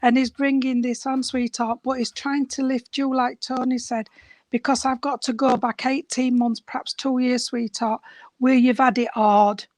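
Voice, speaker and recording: A woman medium, her voice somewhat high and growing hoarse as she talks. She speaks warmly and familiarly, calling her listener sweetheart and darling. The sound is dry and close, with no room around it. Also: level tone, moderate pace, no echo. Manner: affectionate, addresses sitter as sweetheart and darling. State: voice going hoarse. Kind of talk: mediumship reading.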